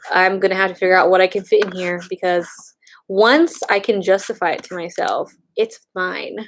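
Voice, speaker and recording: An excitable woman chatting casually, gushing while she browses online. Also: on the low side, moderate pace, slight background noise. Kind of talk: casual chat.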